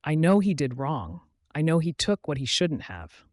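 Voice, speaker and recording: A man's voice: big pitch swings, normal speed, dry recording, clean studio sound. A man voicing a desperate young woman who pleads urgently for her friend, in a scripted storybook narration. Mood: pleading. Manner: pleading, urgent, raised pitch.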